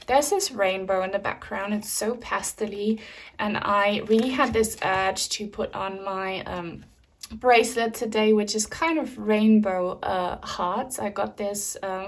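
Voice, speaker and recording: A young woman giving a pick-a-card tarot reading to camera, chatty and filled with ums, addressing viewers as guys. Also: medium pitch. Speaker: tarot reader.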